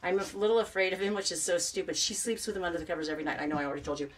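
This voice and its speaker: A woman's voice: lowish voice, steady tone, rapid-fire, far from the mic, slight background noise. A woman knitting vlogger talking in a rambling, self-mocking casual chat.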